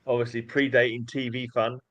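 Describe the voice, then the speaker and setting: A man's voice: medium pitch, flat delivery, a little fast, fairly bright tone, dry recording. A man in casual podcast chat who makes dry, teasing quips. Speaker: podcast co-host. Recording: dull lo-fi sound.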